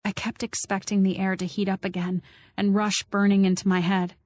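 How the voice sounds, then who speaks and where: Woman narrator for a novel audiobook, even and level delivery, dry close recording. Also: medium pitch, brisk, no echo. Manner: acts out quoted voices with small shifts. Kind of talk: scripted narration.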